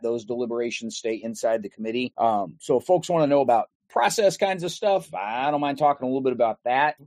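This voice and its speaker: A man hosting a podcast in a relaxed, rambling way, with fillers and restarts. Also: medium pitch, no room sound. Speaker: podcast host. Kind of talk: casual podcast chat.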